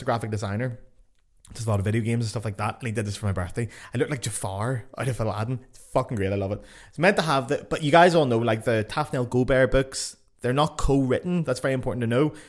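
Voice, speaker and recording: Northern Irish man, young adult, casual solo podcast, excitable and chatty, mid-pitched voice, swears casually. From Northern Ireland. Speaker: podcast host, flutist. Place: home in Cologne.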